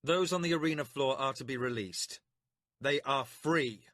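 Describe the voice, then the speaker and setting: A man voicing a young male magician who shouts his commands with defiant, controlled rage. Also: medium pitch, moderate pace, no room sound, studio quality, close to an everyday voice. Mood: cold defiance.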